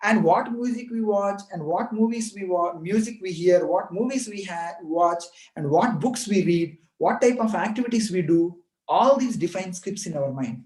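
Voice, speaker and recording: A man's voice: sits high, moderate pace, few pauses, darkish tone. A man giving an earnest motivational talk to students, repeating points and asking rhetorical questions. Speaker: motivational speaker. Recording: echoey room.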